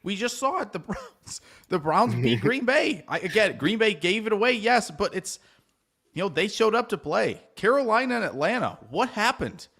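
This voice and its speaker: A man's voice: sits high, big pitch swings, normal speed, creaky, a bit bright. A man co-hosting a sports podcast, making wry, sarcastic asides in casual chat. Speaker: podcast co-host.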